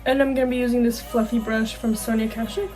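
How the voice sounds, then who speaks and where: A chatty young woman with a bright, high voice talks her way through a makeup tutorial, a little self-conscious and quick to laugh at herself. She speaks into a camera mic, with faint music playing softly behind her. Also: level tone, rough recording. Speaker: beauty vlogger. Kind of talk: casual makeup tutorial chat. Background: faint background music.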